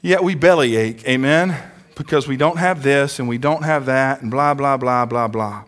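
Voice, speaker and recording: A man preaching a sermon in church, who often calls for amens and slows down to stress his points. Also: medium pitch, a bit bright. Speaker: pastor.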